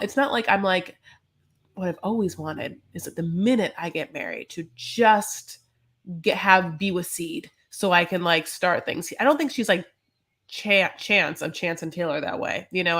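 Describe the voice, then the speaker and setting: A woman's voice: fairly low pitch, fairly bright tone. Rambling woman podcast co-host. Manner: rambling, lots of "like" and "you know", laughs easily. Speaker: podcast co-host recapping a reality show. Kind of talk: casual chat.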